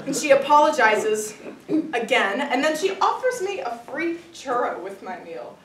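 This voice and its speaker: A teenage girl performing a comic monologue on stage, with a wry, deadpan delivery. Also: high-pitched, unhurried. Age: teens. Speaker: student actor. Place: stage in a hall. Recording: echoey room, far from the mic, faint noise.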